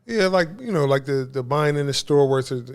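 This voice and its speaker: A man, co-hosting a podcast in casual chat, excitable and profane, acting out quotes with a louder voice. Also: fairly high pitch, normal speed, smooth. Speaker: podcast co-host.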